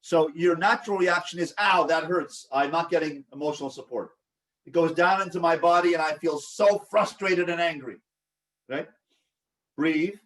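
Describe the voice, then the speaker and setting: A man's voice: a little high, normal speed, a bit bright, far from the mic. A man leading a support group, who coaches, asks the group questions and acts out sample replies. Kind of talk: teaching a live online group session.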